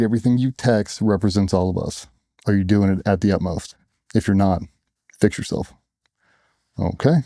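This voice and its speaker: A man's voice: low-pitched, fairly even intonation, fast talker, creaky, long pauses, dark tone, dry recording, studio quality. A middle-aged man, a former special operations operator, telling war stories bluntly in a casual interview, sometimes swearing and acting out what others said. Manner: blunt, profane, acts out quotes of others.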